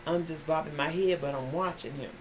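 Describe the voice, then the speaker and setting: A woman telling a story in a casual, animated way, talking straight to her viewers. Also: low voice, a little fast. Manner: animated, chatty, addresses listeners as y'all. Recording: dull lo-fi, faint background noise.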